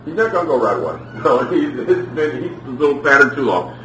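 A man's voice: mid-range voice, fairly quick, hardly any pauses. A man preaching a sermon, telling stories and acting out the voices of the people in them. His voice reaches the mic from a distance, ringing around a reverberant room. A faint hum of room ambience sits behind him. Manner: animated storytelling, acts out quotes. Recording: echoey room, from far off.

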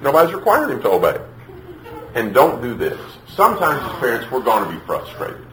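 A man preaching a sermon, emphatic, acting out parents and children in quick put-on voices. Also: mid-range voice, sing-song, fairly bright tone, roomy sound, a little hiss or hum, low-quality recording.

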